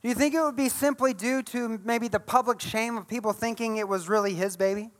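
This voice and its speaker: High-voiced man preaching a lively sermon. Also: fairly quick. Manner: animated storytelling, acts out Bible scenes. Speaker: pastor.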